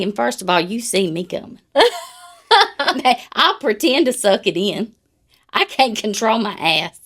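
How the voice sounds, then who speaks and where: A woman's voice: mid-range voice, expressive, moderate pace. A woman, co-hosting a podcast in casual, blunt, profane chat. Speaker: podcast co-host.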